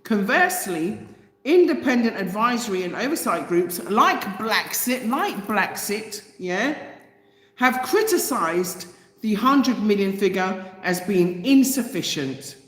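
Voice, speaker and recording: This channel host is a woman with a medium-pitched, sing-song voice who speaks at a measured pace. She reads out a news story, then reacts in casual commentary that is heated and indignant, firing off rhetorical questions, while a long reverb from the echoey room trails her words.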